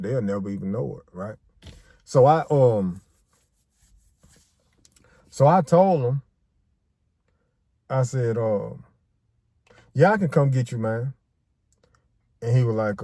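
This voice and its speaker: A man's voice: medium pitch, a little mellow, no room sound. A man from Arkansas with a Southern accent, casually telling a personal story in slangy street talk and acting out the quotes.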